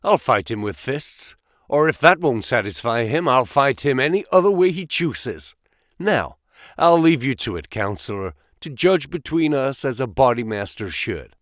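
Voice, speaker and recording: A man voicing a bold young male outlaw who talks calmly and cockily in an audiobook. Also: mid-range voice, normal speed, dry recording, clean studio sound, lightly acted. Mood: defiant.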